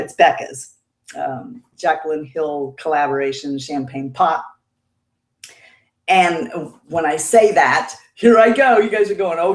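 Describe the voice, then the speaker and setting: A woman's voice: on the low side, echoey room. A woman in her fifties, chatty and emotional, laughing often as she reads viewer comments aloud on her beauty livestream. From Indiana, United States. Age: 50s. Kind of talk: casual livestream chat, reading viewer comments.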